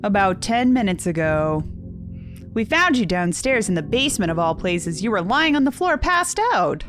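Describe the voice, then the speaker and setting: A woman reading the part of a disapproving parent in a horror text game, lower and measured. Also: sing-song, fairly bright tone, soft background music. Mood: reproachful. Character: stern disapproving parent back home.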